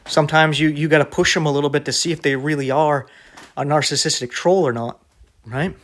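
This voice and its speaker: A man preaching straight to his viewers in a casual, conversational way. His voice sits a little high for a man. He argues bluntly and keeps tagging his points with a quick "right?". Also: fairly even intonation, fairly bright tone. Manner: blunt, argumentative.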